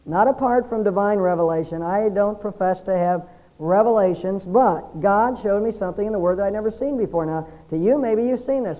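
A man preaching a sermon, explaining scripture earnestly and building emphasis through repetition. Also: high-pitched. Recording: dull lo-fi sermon recording.

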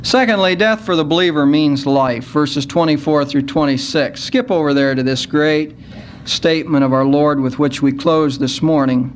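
A man preaching a sermon at a church service, earnest and unhurried, slowing down to stress key words. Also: fairly high pitch, a little hiss or hum. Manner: earnest, slows down to stress scripture.

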